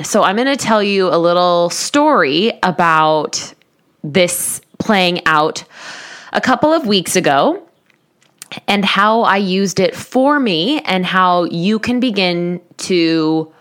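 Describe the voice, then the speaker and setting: A woman's voice: medium pitch, fairly bright tone. A woman in her thirties, a coach, candidly telling listeners a personal story in a self-deprecating way. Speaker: life coach.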